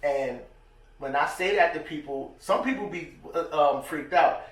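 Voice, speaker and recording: A man's voice: on the high side, moderate pace, a little hiss or hum. A man co-hosting a podcast, chatting casually in slang and acting out the quotes in his stories. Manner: animated storyteller, slangy, acts out quotes. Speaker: podcast co-host. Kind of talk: casual chat. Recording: echoey room, distant mic.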